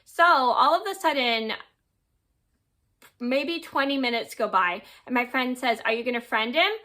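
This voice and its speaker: A woman's voice: a little high, unhurried, pushed and bright. A woman in her twenties, a vlogger, casually telling a personal story to camera, rambling and quoting what people said. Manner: rambling retelling with quoted dialogue and yada yada.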